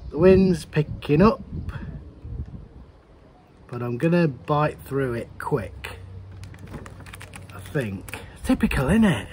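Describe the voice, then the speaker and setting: A man's voice: fairly high pitch, very animated, takes it slowly, long pauses, a little mellow, slight background noise. A man in a casual beer-tasting vlog, chatty and rambling, often correcting himself mid-sentence. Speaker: homebrewer reviewing beers.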